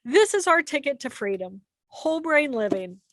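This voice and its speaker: A middle-aged woman with a high, bright voice teaches a mental method in an animated, earnest way, laying out each step letter by letter. Her voice sounds close and dry, with no room around it. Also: moderate pace, dry recording. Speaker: author teaching a brain method. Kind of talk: explanatory talk on mindfulness steps.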